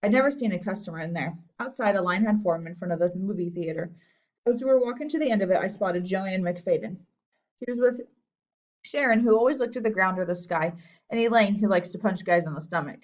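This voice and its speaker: A woman narrating a children's novel aloud as an audiobook reader, in a lively storytelling way. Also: mid-range voice, brisk, dull audio. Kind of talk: scripted narration.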